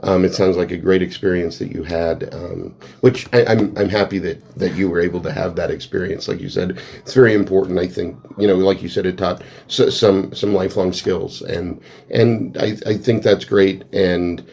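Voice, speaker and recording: Low gravelly male podcast host. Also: fairly even intonation, a little mellow. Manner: halting, repeats words, encouraging. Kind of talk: interview questions.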